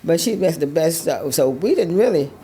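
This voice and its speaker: Older woman telling lively stories. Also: low voice, moderate pace, slight background noise. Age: 70s. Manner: animated storyteller, acts out voices, laughs often. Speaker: interview guest. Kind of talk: storytelling chat.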